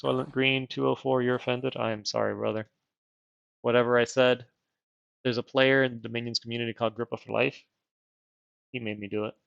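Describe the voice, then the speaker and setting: A rambling man streams a strategy game and thinks out loud, poking fun at himself as he goes. His voice is gravelly and his speech slightly affected by dental retainers. The mic sounds dry and a little dull. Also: mid-range voice, flat delivery, a little fast, long pauses, no room sound. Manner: rambling, self-deprecating, thinks aloud. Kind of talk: casual game livestream chat.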